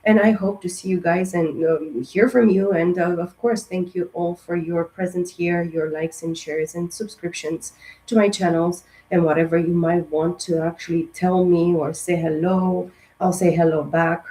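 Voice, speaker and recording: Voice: mid-range voice, steady tone, moderate pace, darkish tone, poor audio. A tarot reader talks straight to camera in a casual astrology reading. The speech is loose and rambling, full of fillers and restarts, with direct, encouraging asides. The voice sounds strained and sensitive, as the speaker says it has been lately.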